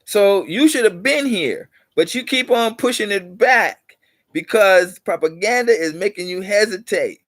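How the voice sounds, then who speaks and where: A man with a high voice, preaching to the camera in a repetitive, insistent way. He spins little stories to make his point. The sound is dry and close, with no room echo. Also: expressive, a little slow, fairly bright tone. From United States. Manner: preachy, repeats points for emphasis; tells allegorical stories. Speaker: channel host. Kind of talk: motivational vlog talk.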